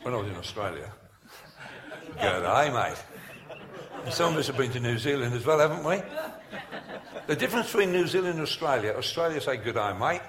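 Male preacher; animated, joking delivery, swooping pitch, echoey hall sound. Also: quick pace, a crowd in the background. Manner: animated storytelling, jokes and asides. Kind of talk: humorous sermon at a conference.

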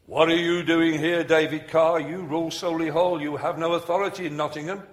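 A man's voice: on the high side, flat delivery, brisk, echoey room, natural voice. A man voicing a defiant male demon that speaks through a possessed woman. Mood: taunting. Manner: defiant, taunting.

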